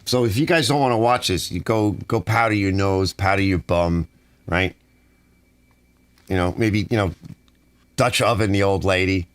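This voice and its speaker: A middle-aged man from the United States hosting a rambling live stream, grumbling and animated as he reads chat aloud. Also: low voice, normal speed, long pauses, clean tone, dry recording.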